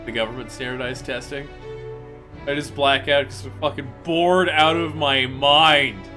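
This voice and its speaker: A man streaming a game, talking casually and profanely, venting in an animated way with loud mock outbursts. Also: mid-range voice, a little slow, faint music behind. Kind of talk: casual gaming stream commentary.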